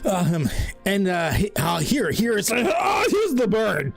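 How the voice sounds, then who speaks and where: A man's voice: high-pitched, wildly swooping pitch, unhurried, gravelly, slightly rough, shouting, soft background music, pitched above the performer's own voice, full character voice. A man voicing a jittery male alley cat who stammers and blurts out curses. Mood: flustered.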